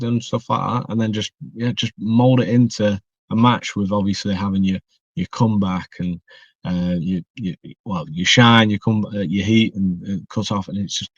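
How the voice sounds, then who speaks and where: Here a young wrestler from northwest England chats as a podcast guest in a fairly low voice at normal speed. The casual talk rambles, broken by restarts and fillers. It's captured in a dry, dull, muffled recording.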